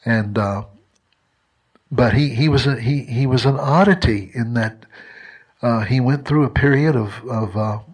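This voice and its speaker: A man's voice: mid-range voice, a little slow, husky. A man preaching a sermon in a conversational, earnest way, telling a personal story and often restarting his sentences.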